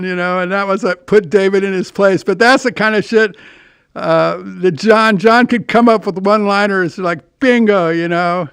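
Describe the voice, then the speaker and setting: High-voiced older man telling rambling stories. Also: normal speed, a bit bright, clear, resonant tone, no room sound, studio quality. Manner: rambling anecdotes with restarts and profanity. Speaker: podcast host. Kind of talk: casual storytelling monologue.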